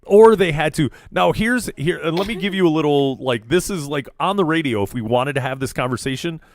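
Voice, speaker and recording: A man's voice: a little high, expressive, brisk. A man hosting a casual podcast chat, rambling with lots of fillers and restarts. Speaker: podcast host. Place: small studio in a vape shop.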